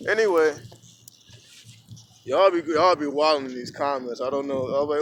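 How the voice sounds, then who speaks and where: This man's voice is a little high, at normal speed with long pauses, against a noisy background. He's a vlogger talking casually to his phone camera at arm's length outdoors at sunrise, telling stories in a profane, rambling, animated way.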